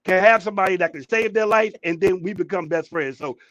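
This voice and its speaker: Man, co-host, high voice, dry close sound, excited, repetitive storytelling. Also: a little fast, no echo, low-quality recording. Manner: excited, storytelling, repeats words. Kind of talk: casual talk show chat. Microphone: headphones, studio mic.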